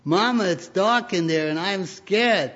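A man's voice: mid-range voice, very animated, moderate pace, gravelly, a little mellow, slightly rough, heavily acted. A man voicing a frightened little boy who pleads with his mother in a story told during a sermon. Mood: scared. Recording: dull lo-fi recording.

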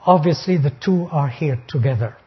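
Husky male preacher expounding scripture. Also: a little high. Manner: deliberate, reads verses slowly then explains. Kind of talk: expository sermon on scripture. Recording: dull lo-fi recording.

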